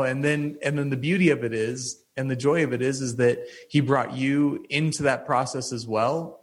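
A man with a mid-range voice takes part in a casual podcast conversation. He reflects thoughtfully on his experiences and often restarts his phrases as he finds his words. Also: medium pitch. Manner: thoughtful, with frequent restarts and affirming murmurs. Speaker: podcast co-host.

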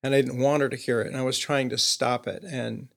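An older man, a guest, earnestly recounting a personal story, halting and trailing off with fillers. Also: medium pitch, fairly even intonation, creaky.

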